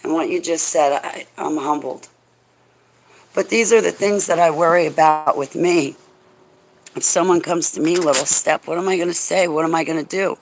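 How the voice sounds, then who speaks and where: A woman's voice: low-pitched, moderate pace, a little hiss or hum, poor audio. A woman hosting a religious radio talk show, speaking emphatically and emotionally and addressing a listener directly.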